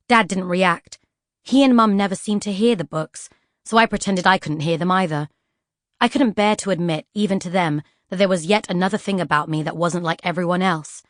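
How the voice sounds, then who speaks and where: A woman narrating a children's fantasy audiobook in an expressive storytelling style. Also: on the low side, normal speed, no echo, clean studio sound. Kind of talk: scripted children's book narration.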